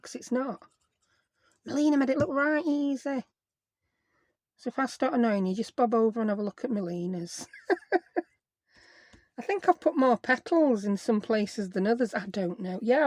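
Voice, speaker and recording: Woman, craft vlog host, self-mocking running chatter, mid pitch, dry close sound. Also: no echo. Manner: chatty, self-deprecating, talks to herself while working.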